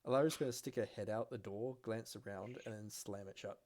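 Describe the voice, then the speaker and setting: A man narrating a tabletop game as game master, in a steady, descriptive way. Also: fairly low pitch, a little fast.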